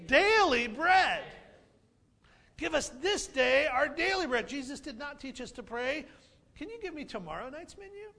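A man preaching a sermon as a pastor, animated and playful, repeating key phrases for emphasis. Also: very high voice, vocal fry.

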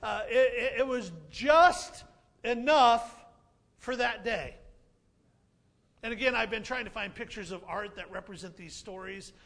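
A man preaching a sermon as a pastor, animated and playful, repeating key phrases for emphasis. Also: very high voice, measured pace, gravelly.

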